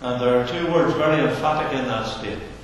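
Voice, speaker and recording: A man preaching a sermon in an earnest, slow manner, sinking his voice low for emphasis. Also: slight background noise. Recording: echoey hall from far off.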